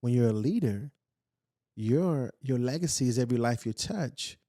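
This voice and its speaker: A man's voice: medium pitch, lively intonation, normal speed, dark tone, dry recording, studio quality. A man hosting a podcast interview, talking reflectively and asking searching questions. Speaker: podcast host. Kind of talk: casual conversational interview.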